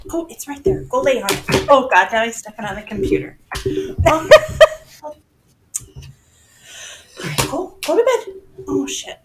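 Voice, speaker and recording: A woman's voice: high-pitched, lively intonation, a little slow, pauses often, slight background noise, rough recording. A woman in her forties chatting casually from her bedroom floor into a microphone, laughing often and poking fun at herself. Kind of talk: casual chat. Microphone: desk microphone.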